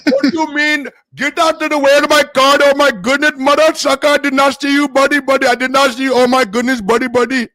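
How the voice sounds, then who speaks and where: A man's voice: flat delivery, fast, few pauses, sharp tone, dry recording. A man doing an exaggerated, flustered impression of a panicked male driver with a put-on foreign accent. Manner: shrill, flustered, overacted.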